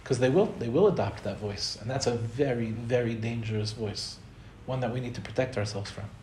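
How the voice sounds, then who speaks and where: A man's voice: medium pitch, brisk, a little mellow, a little hiss or hum. A man giving a spiritual talk to an audience, conversational and storytelling, acting out the people he quotes. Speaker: Torah teacher. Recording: roomy echo, faint ambience.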